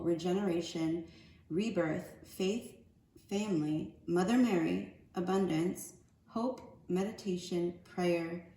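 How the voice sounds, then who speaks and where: A woman's voice: on the low side, warm tone. A woman giving a casual oracle card reading. She talks in a loose, rambling, slangy way. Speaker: spiritual card reader. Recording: echoey room with faint ambient noise.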